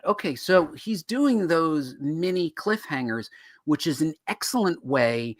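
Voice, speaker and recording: A man's voice: on the high side, unhurried, dry recording, studio quality. A man co-hosting a show on writing comics, explaining in casual chat and acting out quoted reactions. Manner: animated, acts out quoted reactions.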